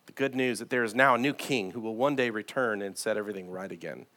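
A man preaching a sermon as pastor in a church, reading scripture aloud and swinging from loud to hushed. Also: fairly low pitch, fast talker. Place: church sanctuary.

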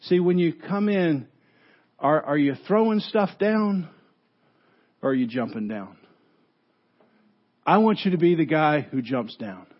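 Guy pastor giving a sermon, lively storytelling, kinda muffled church recording. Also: fairly high pitch, a little slow, long pauses. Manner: animated storytelling with repeated restarts.

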